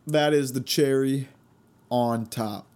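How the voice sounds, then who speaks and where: A young man hosting a casual solo podcast, telling stories in an animated, gleeful way and laughing often. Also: medium pitch, takes it slowly, clear, resonant tone. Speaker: podcast host.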